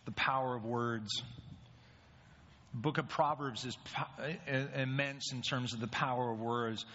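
A man's voice: medium pitch, fairly even intonation, unhurried, sharp tone, a little hiss or hum. A man preaching a sermon in a conversational way, often asking his listeners rhetorical questions. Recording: reverberant hall, dull lo-fi sound.

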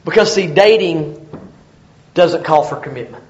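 A man preaching a sermon as pastor, animated and joking, acting out little voices as he goes. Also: fairly high pitch, a little slow. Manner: animated, jokes and acts out voices. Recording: echoey room, dull lo-fi sound.

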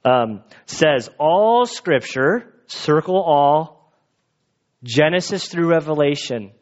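A man's voice: on the high side, lively intonation, takes it slowly. A pastor preaching an earnest, conversational sermon to his church congregation. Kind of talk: expository sermon. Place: church sanctuary. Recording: dull lo-fi recording.

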